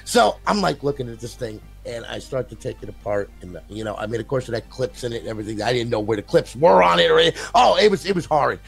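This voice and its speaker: Gravelly older man telling a rambling story. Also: medium pitch, fast, hardly any pauses, faint music behind. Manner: rambling, animated, repeats words, swears. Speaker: console modder guest. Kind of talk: casual storytelling interview.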